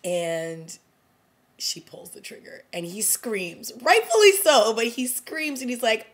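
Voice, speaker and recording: A woman talks through a TV episode for her vlog in a casual, animated way. She laughs often and slips in dramatic asides. Her voice sits in a middling pitch for a woman. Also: measured pace. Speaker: TV review vlogger. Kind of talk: casual recap chat.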